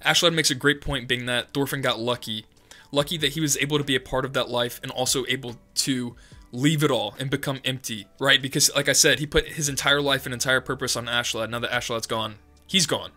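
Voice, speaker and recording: A young man talks over an anime episode, exclaiming again and again and wandering from thought to thought. His voice is bright and sharp. Faint music plays behind him. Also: medium pitch. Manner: effusive, exclaims often, rambling. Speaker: anime reaction channel host. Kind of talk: excited reaction commentary.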